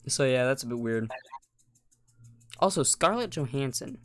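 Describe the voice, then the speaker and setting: A man's voice: mid-range voice, a little slow. A young man co-hosting a podcast in casual chat, rambling and slangy, with a voice that keeps cracking. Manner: rambling, restarts, slangy, animated when incredulous. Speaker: podcast co-host.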